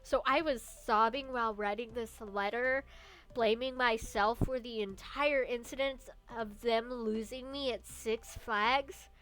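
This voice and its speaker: A woman's voice: fairly high pitch, steady tone, a little slow, fairly bright tone. A young woman streamer telling personal stories in a casual, rambling way, with restarts and small laughs. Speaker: vtuber streamer. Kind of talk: casual storytelling chat.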